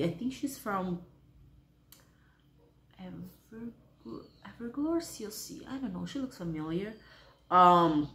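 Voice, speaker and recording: A woman's voice: fairly low pitch, echoey room. A woman hosting a reaction video, talking casually and unsure of herself, muttering guesses and often laughing.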